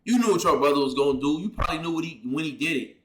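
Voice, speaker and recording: A man's voice: on the high side, animated, very fast, echoey room, noisy background. A man hosting a reaction video, giving blunt, heated commentary in street slang. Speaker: reaction channel host.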